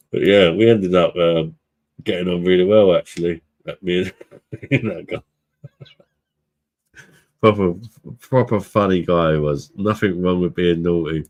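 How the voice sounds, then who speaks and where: British bloke with a low voice hosting a live stream, laid-back, laughs a lot, swears. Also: male voice, slow, long pauses, a little mellow. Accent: British English. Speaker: livestream host, beer reviewer. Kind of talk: casual live-stream chat.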